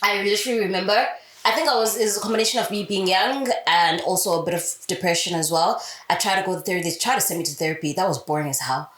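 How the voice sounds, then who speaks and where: A woman's voice: lowish voice, fast, a bit bright. A young woman speaking candidly in a casual interview, swearing freely and telling her story with animation. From South Africa. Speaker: radio host guest. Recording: roomy echo.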